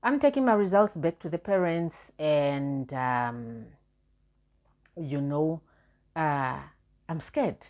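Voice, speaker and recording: A woman's voice: sits low, animated, takes it slowly, long pauses, a little mellow. A woman vlogger candidly telling a personal story, repeating herself for emphasis.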